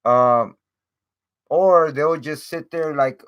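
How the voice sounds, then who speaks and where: Slow rambling man, casual stream talk. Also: fairly high pitch, a bit bright. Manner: rambling, lots of fillers and repeats. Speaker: channel host.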